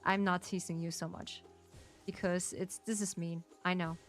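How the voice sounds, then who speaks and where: A woman's voice: fairly low pitch, little pitch movement, moderate pace, soft background music. A woman with a German accent, a native German speaker chatting casually with her viewers as a streamer, playful and teasing and laughing often.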